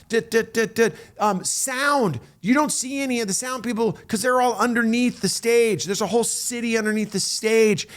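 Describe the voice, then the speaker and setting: A middle-aged man tells a story in a high, lively voice. He jumps between restarts and acts out quotes as he goes. His delivery is loose and casual. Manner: animated, full of restarts and acted-out quotes. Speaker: storyteller recounting a tour. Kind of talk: casual anecdote telling.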